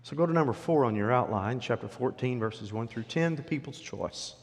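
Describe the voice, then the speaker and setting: A man's voice: mid-range voice, lively intonation, normal speed. A male pastor preaching a sermon and storytelling with animation, speaking directly to the congregation. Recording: long hall reverb.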